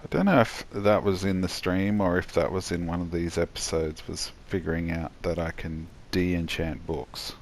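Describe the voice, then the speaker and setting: A tired man giving a rambling, halting voice-over commentary on his own gameplay, yawning as he goes. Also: low voice, little pitch movement, a little hiss or hum. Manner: rambling, halting, many restarts and fillers.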